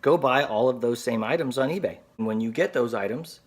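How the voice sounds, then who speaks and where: A man's voice: mid-range voice, brisk, slightly rough. Sarcastic, exasperated man ranting. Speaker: video blogger. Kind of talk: ranting story to camera.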